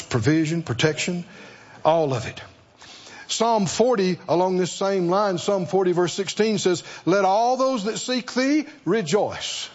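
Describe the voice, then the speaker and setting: Male preacher, call-and-response sermon, high voice, slow delivery, muffled lo-fi sound. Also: a little mellow. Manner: call-and-response, rhetorical questions to the congregation.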